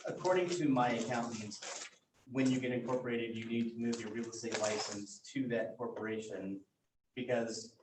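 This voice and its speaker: A man's voice: mid-range voice, moderate pace. A man, a real estate agent in a workshop audience, speaking up in a matter-of-fact way. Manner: matter-of-fact, cites his accountant. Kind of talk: workshop discussion. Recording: echoey room, mic far off, faint noise.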